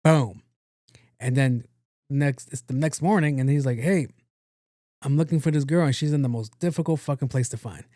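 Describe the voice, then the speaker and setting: A man's voice: mid-range voice, a little fast, dark tone, dry recording, clean studio sound. A man hosting a podcast, recapping a movie in a rambling, profane, casual way and acting out the characters' lines. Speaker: podcast host.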